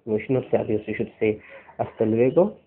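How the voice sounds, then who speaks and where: A man's voice: lowish voice, a little hiss or hum. Tender man, tinny phone-like recording. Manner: tender, earnest, halting with restarts. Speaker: boyfriend recording a love message. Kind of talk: personal video message.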